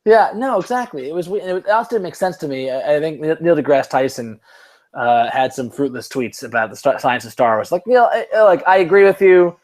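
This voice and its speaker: A man's voice: fairly high pitch, animated, fairly quick, a little mellow. A man from Cleveland hosting a podcast, chatting casually in a rambling, self-mocking way and laughing often. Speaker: podcast host.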